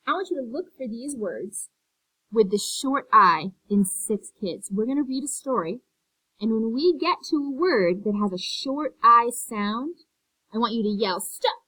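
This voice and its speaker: A woman's voice: medium pitch, fairly bright tone, dry recording, rough recording. A woman teaching first graders an online phonics lesson, spelling words letter by letter and praising them.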